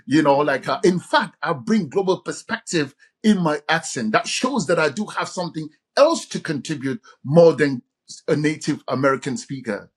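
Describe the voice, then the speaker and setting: A man from Cameroon, a guest in a casual interview who agrees quickly and laughs readily. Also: fairly high pitch, lively intonation, breathy edge. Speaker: guest, author and communication coach.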